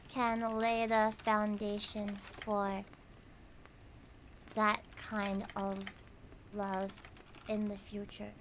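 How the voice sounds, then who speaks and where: A young American woman streaming a cozy late-night chat, reading comments aloud, playful and squealing at times, then soft and reflective. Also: a little high, slight background noise. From United States.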